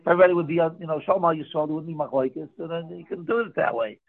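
A man's voice: on the high side, fast talker, hardly any pauses. A man teaching a daily Talmud class, explaining the text by posing questions and answering them himself. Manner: explains by asking and answering his own questions. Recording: tinny phone-like line.

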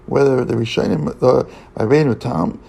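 A man teaching a Talmud lesson in a halting way, restarting his sentences often and mixing English with Hebrew and Aramaic terms. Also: medium pitch, creaky, dark tone, breathy edge, rough recording. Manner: halting, with many restarts and fillers. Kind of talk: Talmud study lecture.

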